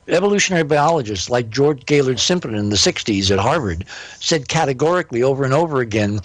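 A man's voice: a little high, dry recording. Older man, emphatic storyteller, dry sound. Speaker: interview guest. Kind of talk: storytelling in a podcast interview.

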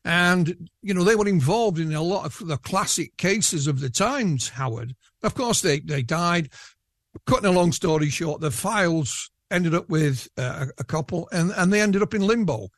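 A man's voice: high-pitched, animated, moderate pace, no room sound, clean studio sound. A man with a Yorkshire accent, a guest chatting casually in an interview and rambling with restarts. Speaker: guest researcher.

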